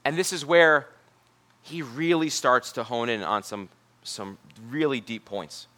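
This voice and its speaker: A man's voice: mid-range voice, a little slow. A man preaching a sermon in church, in a conversational way, often repeating his words. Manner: conversational, repeats words, drops to a soft voice for quoted lines.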